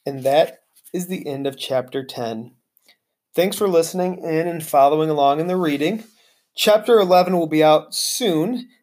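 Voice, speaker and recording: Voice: medium pitch, darkish tone. A teacher reading a chapter book aloud to students and signing off encouragingly.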